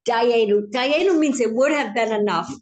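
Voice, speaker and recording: A woman teaching a Torah class, telling a story in an animated, chatty way. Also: on the high side, moderate pace, rough recording.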